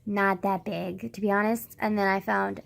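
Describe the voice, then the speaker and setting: A woman's voice: mid-range voice, moderate pace, gravelly. A young woman telling a rambling story in a casual vlog, full of "like" and swearing, acting out what people said. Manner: rambling, heavy use of "like", swearing; animated retelling with quoted dialogue.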